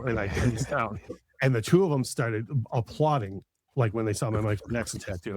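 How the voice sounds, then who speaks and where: A man's voice: on the low side, normal speed, a little hiss or hum. A middle-aged man chatting casually as a podcast host, enthusiastic and rambling with many fillers and restarts. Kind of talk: casual chat.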